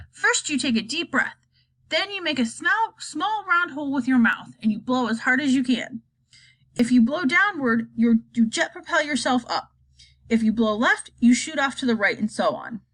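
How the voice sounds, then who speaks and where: A woman reading aloud and voicing an eccentric, bossy grown man piloting a flying glass elevator, brisk and theatrical. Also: high voice, expressive, a bit bright.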